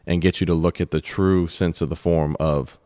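A man co-hosting a podcast, speaking reflectively and personally about faith, with halting repeats. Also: sits low, steady tone, dark tone, no echo, clean studio sound. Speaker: podcast co-host. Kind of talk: casual faith discussion.

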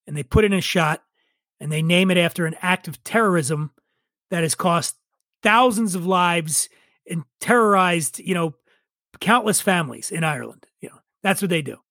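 A man in his forties, guesting on a podcast, spins a rambling story full of profane, wry asides in a casual chat. His high-pitched voice sounds pushed and bright at normal speed, with no echo.

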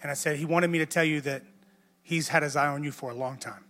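A man's voice: fairly high pitch, steady tone, fast talker, a bit bright. A man, a pastor, telling a personal story in a conversational sermon, self-mocking and repeating words as he builds up. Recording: music under a long hall echo.

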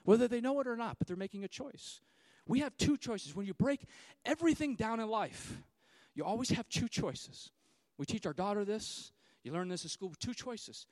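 A man in his thirties preaching a sermon, swinging between loud, fiery declarations and hushed, quiet stretches. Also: sits high, animated, moderate pace, dry recording. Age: 30s. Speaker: pastor.

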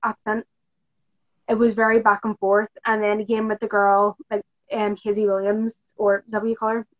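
A woman's voice: mid-range voice, flat delivery, normal speed, dull audio. A woman guest on a film podcast, blunt and sarcastic, chatting with lots of filler "like". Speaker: guest cosplayer. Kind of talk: casual film review chat.

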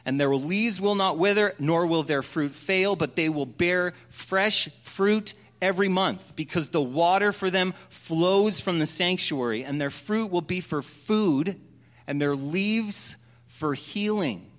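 A man delivers a sermon with a fairly high voice. He speaks in a relaxed, conversational way and slips into a story with little acted voices before going back to scripture. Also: unhurried. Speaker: pastor.

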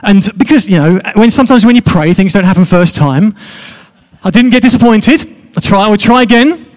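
A man's voice: high voice, animated, fairly quick. A man preaching a sermon, chatty and joking with his congregation.

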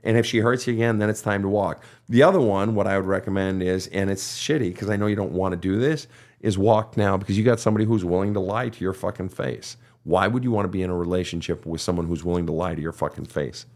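A man's voice: low voice, fairly even intonation, fast talker, a little mellow. A man who hosts a counseling podcast, giving blunt, emphatic advice full of swearing. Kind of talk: profane motivational advice.

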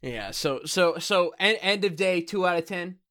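A man's voice: sits high, expressive, moderate pace, pushed and bright. A man co-hosting a casual podcast, breaking in with incredulous, teasing interjections. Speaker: podcast co-host.

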